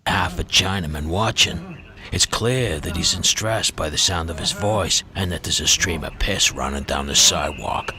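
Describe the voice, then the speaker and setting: A man narrating a crude mock documentary in a deadpan way. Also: low-pitched, normal speed. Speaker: host. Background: loud music.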